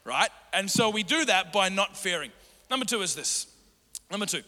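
Bright-voiced pastor preaching in a hall. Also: male voice, high voice, normal speed. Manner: animated, acts out quotes in raised voices. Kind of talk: sermon. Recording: long hall reverb.

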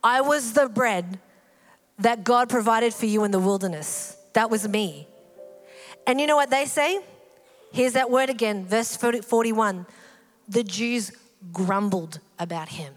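A woman preaching a sermon in a church hall, animated and acting out the voices in the story. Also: a little high, unhurried. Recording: hall reverb with faint music.

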